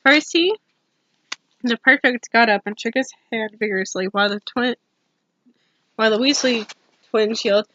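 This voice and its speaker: A woman's voice: a little high, normal speed, long pauses, a bit bright, muffled recording, a little hiss or hum. A woman giving an ASMR storybook reading, with casual asides between passages. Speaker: storybook reader.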